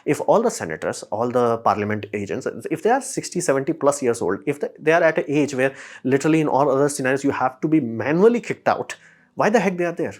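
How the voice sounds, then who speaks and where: Host, male, mid pitch; informal, emphatic opinion talk, swears lightly. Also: very animated, fast talker. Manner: emphatic, fires rhetorical questions. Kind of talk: casual opinion monologue.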